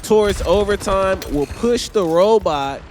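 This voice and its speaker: A man's voice: high voice, expressive, measured pace, noisy background. A young man giving laid-back, chatty commentary over his own gameplay as a gaming channel host. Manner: laid-back, chatty, laughs often, says "man" and "brother". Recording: loud game music underneath.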